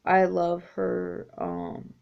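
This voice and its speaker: A woman's voice: lowish voice, monotone, very slow, gravelly. A woman in her thirties chatting casually to camera as a needlework vlogger, rambling with lots of ums. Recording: dull lo-fi home recording.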